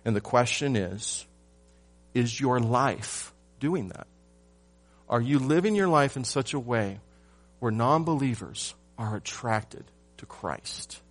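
A man preaching a sermon to his church, asking rhetorical questions and swinging from loud emphasis to hushed lines. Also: mid-range voice, animated, slow, soft background music. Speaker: pastor.

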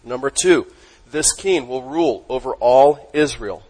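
A male pastor delivering a sermon in an emphatic, teaching manner. He throws questions out to the congregation and lets his voice sink almost to a hush on the words he wants to stress. His voice sits at an ordinary middle pitch. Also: a little slow, low-quality recording.

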